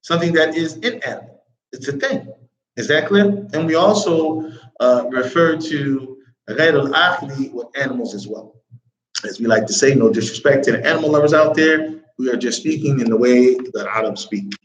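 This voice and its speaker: A man's voice: mid-range voice, moderate pace. A man teaching an Arabic grammar class, constantly quizzing his students with "what?" prompts. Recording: roomy, dull classroom recording.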